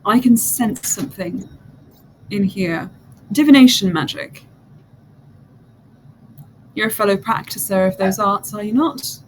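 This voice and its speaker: A woman voicing a mysterious diviner who senses magic, speaking in a hushed, grand, flattering way. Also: mid-range voice, measured pace, long pauses, slight background noise, lightly acted, low-quality recording.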